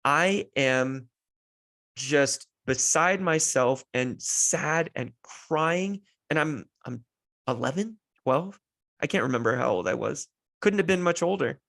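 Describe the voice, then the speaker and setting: Gravelly-voiced man telling a heartfelt story. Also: a little high, lively intonation, slow pace, a bit bright. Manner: heartfelt, rambling, many restarts and fillers. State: emotional, close to tears. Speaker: podcast host. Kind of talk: personal storytelling monologue.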